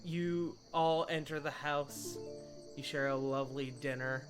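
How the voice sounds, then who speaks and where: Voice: mid-range voice, fairly even intonation, unhurried. A game master narrating a tabletop game in a casual, rambling way. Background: background music.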